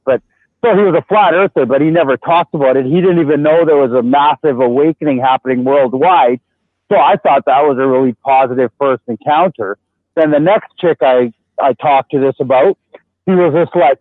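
A man's voice: on the high side, normal speed, no room sound. A man telling stories in a casual podcast chat, animatedly acting out the voices of the people he quotes. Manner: animated storyteller, acts out quoted dialogue. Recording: tinny phone-like line.

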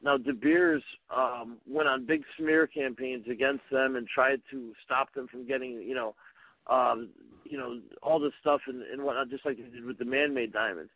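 A man is heard over a tinny phone line, his voice gravelly and close, with no room around it. He talks casually and haltingly, piling up "you know" and restarting his sentences. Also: medium pitch, fairly even intonation, no room sound. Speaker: radio show host, guest on another show. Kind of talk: casual call-in conversation.

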